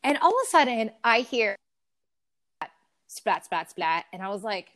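A woman co-hosting a casual podcast, telling stories in an animated, swearing rant. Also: on the high side, measured pace. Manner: animated storytelling with frequent swearing. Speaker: podcast co-host. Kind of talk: casual ranting chat.

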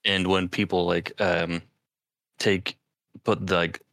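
A man's voice: low voice, little pitch movement, slow, fairly bright tone, dry recording. A man co-hosting a podcast in loose, joking chat, swearing and laughing often. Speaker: podcast co-host. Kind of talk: casual chat.

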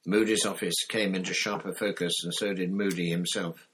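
Deep-voiced male audiobook narrator. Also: a little hiss or hum. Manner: steady, measured storytelling. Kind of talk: scripted narration.

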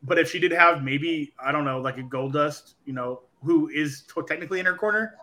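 A man co-hosting a casual podcast, excitable and swearing freely. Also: on the high side, a little fast. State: overjoyed, near tears. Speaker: podcast co-host.

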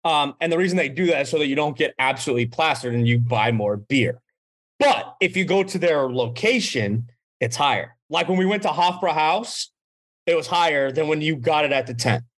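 Young man, podcast co-host, casual chat, profane animated storytelling, slightly high pitch. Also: a little fast.

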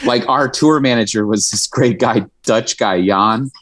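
A man speaks candidly as an interview guest, frank and emotional, with an occasional curse and a laugh. His voice sits at an ordinary middle pitch. The recording is dry and close, with no room sound. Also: unhurried, a bit bright, dry recording. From Indiana, USA. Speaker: musician guest. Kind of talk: candid conversational storytelling.

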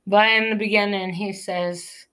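A woman's voice: mid-range voice, steady tone, bright, forceful tone, slight background noise. A woman giving an earnest personal faith testimony, preaching encouragement. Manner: earnest, preachy, slow and deliberate.

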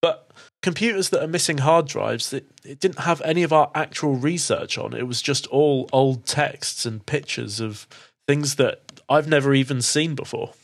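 A man's voice: mid-range voice, normal speed, gravelly. A man voicing a shaken, tearful young woman researcher in a tabletop game.

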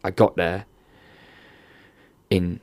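A man telling a painful personal story in an interview, emotional and near tears, halting and swearing often. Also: sits low, flat delivery, a little mellow. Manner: candid, heavy swearing, halting restarts. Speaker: podcast guest.

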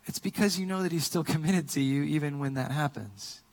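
Male pastor, slightly higher voice, relaxed conversational sermon with lots of fillers, shifts from hushed to animated. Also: fairly quick, in a large hall. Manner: casual, conversational storytelling with many fillers; swings between quiet earnest points and lively, loud retellings.

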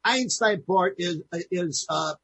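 A jovial man co-hosting a casual talk show, explaining phrases to his listeners. His voice sits fairly high for a man and has a husky edge. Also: measured pace, fairly bright tone, poor audio. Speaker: co-host. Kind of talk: casual radio-style chat.

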